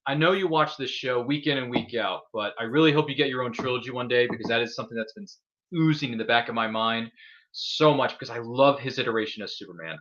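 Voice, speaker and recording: A man hosting a casual geeky movie chat. His voice is bright and forceful, and he gushes in excited bursts. The audio sounds dull and lo-fi. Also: mid-range voice. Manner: excitable, gushing, talks fast in bursts. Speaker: podcast host.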